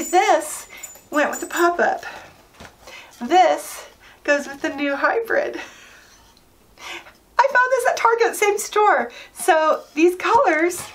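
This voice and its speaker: A woman's voice: fairly high pitch, fairly bright tone. A middle-aged woman vlogging in a casual, chatty and enthusiastic way, laughing often. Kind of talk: casual chat.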